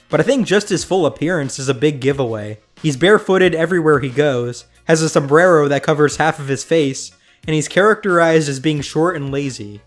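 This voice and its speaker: Host voice for a snarky cartoon review, young man, slightly high, mocking tone. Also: fairly quick, faint music behind. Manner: sarcastic, mocking. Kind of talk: sarcastic cartoon review commentary.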